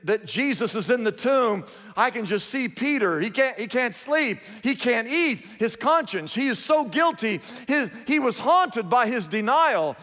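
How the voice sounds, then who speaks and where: A man's voice: very high-pitched, a bit bright, in a large hall. A man preaching a sermon, telling a story emphatically with lots of repetition.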